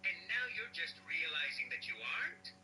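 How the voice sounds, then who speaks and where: A man's voice: a little high, big pitch swings, moderate pace, pushed and bright, faint music behind, full character voice, low-quality recording. A synthetic male voice playing an impatient, mocking AI mob boss, reading its own stage cue aloud before each reply.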